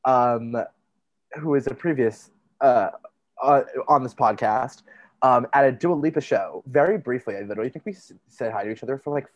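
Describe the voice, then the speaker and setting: A man's voice: medium pitch, lo-fi sound. A young man from New Jersey, a podcast guest in casual chat, talking loosely and packing his sentences with "like" and restarts. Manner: chatty, heavy use of "like", quick restarts.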